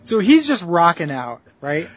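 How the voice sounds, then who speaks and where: A man co-hosting a podcast in casual chat, making wry, deadpan jokes. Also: on the high side, a little slow, dull audio. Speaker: podcast co-host.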